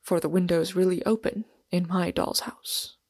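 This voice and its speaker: A woman reading the lines of a huge, earnest, wistful Englishman in an audiobook, in a soft, confiding manner. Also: medium pitch, fairly even intonation, a little slow, creaky, dry recording, studio quality.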